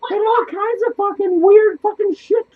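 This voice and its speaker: A man playing a lonely, foul-mouthed male clown who rambles excitedly, swears constantly and loses his train of thought, in a comedic monologue. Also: normal speed, highs cut off. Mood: manic. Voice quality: squeaky, swears constantly, laughs wildly. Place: small cluttered home studio indoors.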